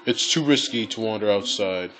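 A man's voice: on the low side, moderate pace, fairly bright tone, faint music behind, natural voice. A man reading a stern, stubborn father's game dialogue aloud in a firm voice.

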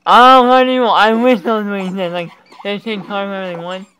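A man giving reaction commentary, talking along casually and breaking into loud, excited exclamations. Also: high voice, a little fast, smooth, low-quality recording. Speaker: reaction video creator.

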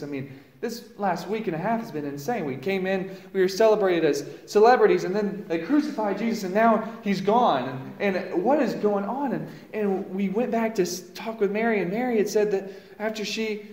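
A man preaching a dramatic first-person monologue, storytelling and swinging from hushed lows to loud exclamations, recorded in a church. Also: moderate pace. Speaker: pastor. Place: church sanctuary. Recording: roomy echo.

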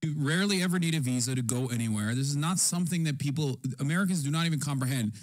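A loud, profane male streamer in his thirties, riffing on clips for his viewers. His voice is fairly high for a man, and he talks into a desk mic in a casual, animated way. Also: very fast.

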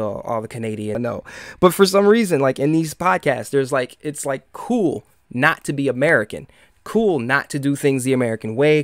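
Male streamer with a Michigan accent, sarcastic, rambling, mid pitch, crisp dry close-mic sound. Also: no echo. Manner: rambling, sarcastic, many fillers and restarts. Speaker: podcast host. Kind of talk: casual live-stream monologue.

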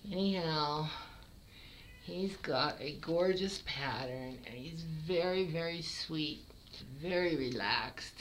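A middle-aged woman, a longtime cat breeder, showing off kittens in a fond, unhurried way. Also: low voice, slight background noise, poor audio. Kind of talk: casual kitten showcase.

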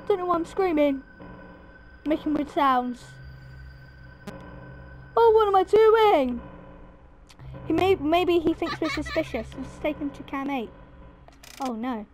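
High pitched lady doing lets play commentary, freaking out, slow drawn out panicky mutters and yelps. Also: highs cut off, slight background noise. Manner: panicky, excitable, shrieks and mutters to herself. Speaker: gaming video creator.

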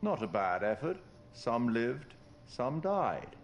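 An actor playing a sinister male curator who narrates a game, speaking slowly and measuredly. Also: medium pitch, very animated, slight background noise. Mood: knowing. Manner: slow, measured, knowing. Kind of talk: game cutscene dialogue.

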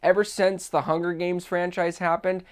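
A man's voice: sits high, flat delivery, normal speed, clean tone. Enthusiastic young man reviewing a film. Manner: enthusiastic, opinionated, frequent restarts. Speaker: movie reviewer. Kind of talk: casual spoken film review.

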